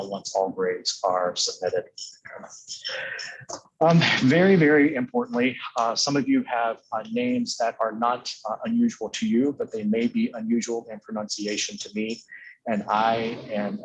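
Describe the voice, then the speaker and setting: Halting man briefing graduating seniors. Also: fairly low pitch, muffled recording, slight background noise. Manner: halting, filler-heavy, earnestly pleading. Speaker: college official addressing graduating seniors. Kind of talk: informational briefing to students.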